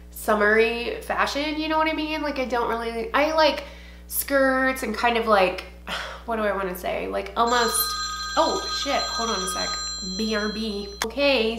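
A woman's voice: fairly high pitch, fairly bright tone, reverberant. A young woman from Ohio doing a get-ready-with-me beauty vlog at home, rambling and swearing casually with lots of fillers. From Ohio, USA. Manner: chatty, profane, rambling with many fillers. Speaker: beauty vlogger. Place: home, indoors.

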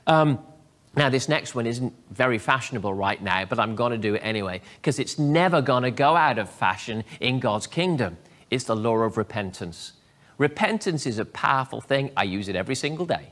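A man preaching as a pastor, his voice sitting at an ordinary middle pitch. He delivers the sermon expressively and acts out prayers and bits of dialogue as he goes. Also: animated, fairly quick, a bit bright.

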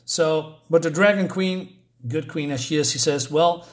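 A man's voice: a little high, normal speed. A man casually recapping and reviewing a comic book, rambling with frequent fillers and self-corrections.

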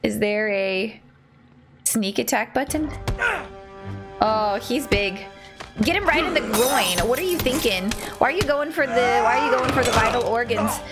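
A woman streamer giving casual, joking commentary while playing a video game, often shouting reactions. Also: a little high, measured pace. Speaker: gaming streamer. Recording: game audio and music playing behind. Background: game music.

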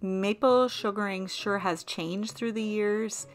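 A woman from southern Vermont narrating her vlog as host, in an even, informative voice-over. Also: mid-range voice, slow pace, faint music behind.

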